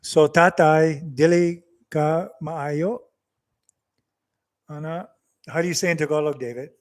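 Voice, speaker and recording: Dad-host, unhurried and coaxing, voice sits a touch high, casual home vlog. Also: male voice, fairly even intonation. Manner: patient, coaxing, repeats phrases slowly. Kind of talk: casual family vlog, teaching phrases.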